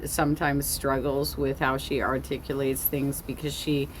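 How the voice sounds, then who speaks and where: A woman hosting a casual reaction commentary, slow and rambling, with many fillers and self-corrections. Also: extremely low pitch, flat delivery, slight background noise. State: has the hiccups. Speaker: reaction video host. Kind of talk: casual commentary over a song.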